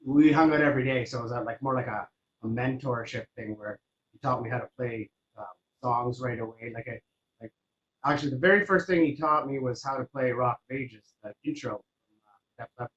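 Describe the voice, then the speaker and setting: A man's voice: mid-range voice, fairly quick, a bit bright. A man in his fifties, a guest drummer telling his story casually, with many fillers. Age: 50s. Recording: roomy, dull sound, faint noise.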